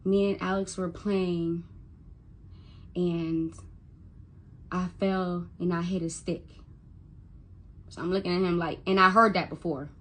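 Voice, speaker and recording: With a slightly low, steady, somewhat bright voice, a woman speaks slowly and leaves long pauses, over a little hiss or hum. She is a mother narrating her son's story in an emotional vlog monologue, swearing a lot, speaking bluntly and quoting past conversations.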